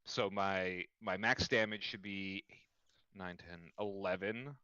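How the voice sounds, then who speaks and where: A man's voice: sits low, steady tone, slow pace, bright, forceful tone, clear, resonant tone, no room sound. A man playing a tabletop game online, talking casually as he works through his dice rolls and rules questions. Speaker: player. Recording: slightly dull lo-fi audio.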